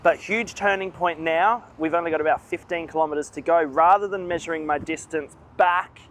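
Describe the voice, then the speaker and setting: Weary high-voiced man vlogging outdoors. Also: a little fast, a bit bright. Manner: plain-spoken, tired, self-mocking. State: weary from walking. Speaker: vlogger on a long walk. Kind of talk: walking vlog talk to camera. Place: outdoors by roads and an airport.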